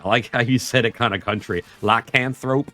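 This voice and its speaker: A man chatting casually and joking with profanity while streaming a game. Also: on the low side. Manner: joking, profane, lively banter. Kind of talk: casual gaming chat.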